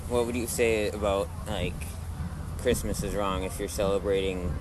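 Low-voiced man giving brief quiet replies. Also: fairly even intonation, moderate pace. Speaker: listener talking with a street preacher. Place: outdoors at a public event. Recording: outdoor recording with clear traffic noise.

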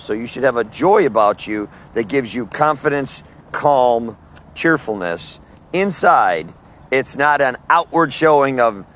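A man's voice: mid-range voice, a bit bright. A man teaching a Bible study in sermon style, emphatic and full of rhetorical questions, stretching out Greek words. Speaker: preacher.

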